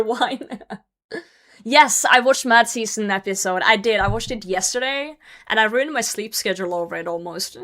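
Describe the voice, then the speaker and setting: A woman's voice: fairly high pitch, normal speed, a bit bright. A Norwegian woman streaming a game, chatting casually in English as a second language, swearing freely as she answers her chat. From Norway. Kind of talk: casual gaming livestream chat.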